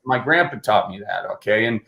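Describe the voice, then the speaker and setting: A man's voice: lowish voice, animated, fairly quick, vocal fry, sharp tone, echoey room, slight background noise. A man chatting and joking on a video call from home, rambling playfully. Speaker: guest. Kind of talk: joking casual chat.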